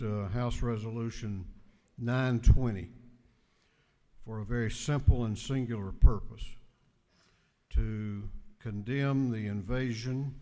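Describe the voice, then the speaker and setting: A man, speaker of a state legislature, delivering a formal floor speech with measured, emphatic delivery. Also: medium pitch, dark tone. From United States. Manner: measured, emphatic oratory with deliberate pauses. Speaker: legislative speaker presenting a resolution. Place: state house chamber. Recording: reverberant legislative chamber.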